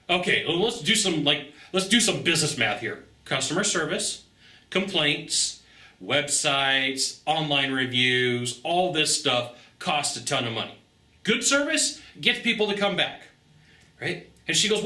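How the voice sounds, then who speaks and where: A man, a sales trainer, telling a story in a casual vlog monologue, animated and emphatic, tagging his points with quick asides. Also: fairly high pitch. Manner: conversational, tags points with "okay?" and "right?". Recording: roomy echo.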